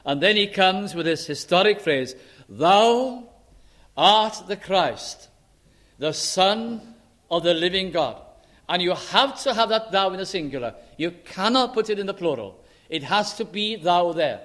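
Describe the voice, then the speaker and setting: A man preaching a sermon in an emphatic way, slowing down to stress scripture quotes and key words. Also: high voice, animated, a bit bright.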